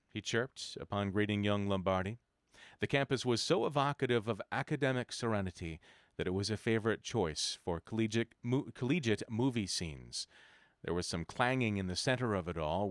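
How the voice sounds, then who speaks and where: A man reading a biography aloud in a measured, even way, now and then correcting himself. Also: lowish voice, no room sound, studio quality. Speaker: reader.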